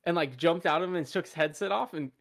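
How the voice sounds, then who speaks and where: A young man co-hosting a casual podcast, talking loudly with a projecting voice and lots of "uh" and "like". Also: a little high, fast, vocal fry. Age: young adult. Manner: loud, projecting, laughing, filler-heavy. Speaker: podcast co-host. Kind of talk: casual chat.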